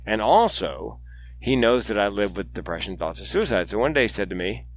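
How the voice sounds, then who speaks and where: A man's voice: on the low side, brisk, slight background noise. A man in his sixties, a suicide prevention speaker, telling stories animatedly in an interview and putting on voices for the people in them. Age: 60s. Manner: animated joking storyteller, acts out voices in anecdotes. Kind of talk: storytelling interview chat.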